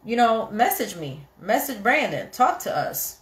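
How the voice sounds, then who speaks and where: A woman hosting a casual live chat about marriage, animated and chatty, often acting out what people say. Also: a little high, a little slow. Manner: animated, chatty, quotes people in little acted voices. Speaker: host of a live chat for couples. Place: home, kitchen nearby. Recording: echoey room.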